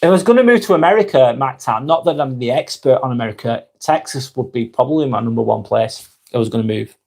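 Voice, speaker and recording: A man with a Lancashire accent hosting a live stream, reading viewer comments aloud and talking in a gentle, reflective way. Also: medium pitch, animated, fast talker, creaky. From Northwest England.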